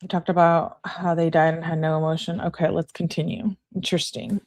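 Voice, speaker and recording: Woman recapping a trial, low dry voice. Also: flat delivery, brisk, darkish tone, dry recording. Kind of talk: reading a call transcript aloud.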